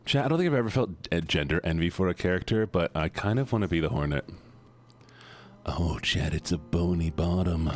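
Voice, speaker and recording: A man streaming a game, chatting playfully with his viewers between gameplay. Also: fairly quick. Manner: playful, chatty with chat, squeals up high. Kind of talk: casual livestream chat while gaming.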